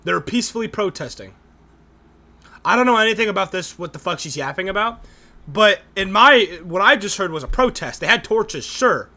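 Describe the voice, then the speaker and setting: Streaming his reaction to a debate, a young man talks over the clips with crude mockery, cursing and laughing throughout. His voice sits high, is expressive and sharp-toned, and moves at a moderate pace.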